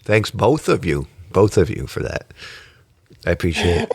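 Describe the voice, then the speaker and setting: Lively, teasing male podcast host. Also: low voice, normal speed, vocal fry, background noise. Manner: teasing, jokey, prone to laughing fits. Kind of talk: casual podcast chat.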